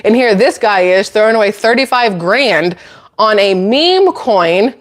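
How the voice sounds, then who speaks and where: A woman's voice: mid-range voice, expressive, unhurried. A woman hosting her own channel, ranting to camera in a blunt, sarcastic, incredulous way with exasperated laughs. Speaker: channel host.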